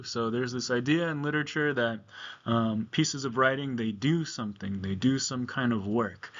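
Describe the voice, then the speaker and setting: A man's voice: medium pitch, fairly bright tone, dull audio. Man teaching a casual recorded lesson. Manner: casual, talkative, many ums and okays. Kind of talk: recorded classroom lecture.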